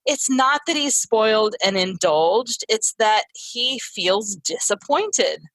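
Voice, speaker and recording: Woman parenting educator talking earnest, mid pitch, tells little family stories, dry close sound. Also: slow, no room sound, poor audio. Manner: earnest, explains through family stories, lively acted asides. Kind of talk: conversational teaching in an interview.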